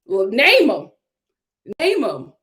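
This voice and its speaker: Reading her viewers' comments aloud on a live stream, a young woman from Philadelphia chats in a sassy, lively way and laughs often. She speaks slowly, in a slightly high voice.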